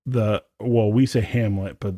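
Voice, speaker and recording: A man's voice: lowish voice, steady tone, measured pace, mellow, dry recording, studio quality. A man co-hosting a podcast in casual chat, rambling and enthusiastic, with lots of fillers. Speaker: podcast co-host.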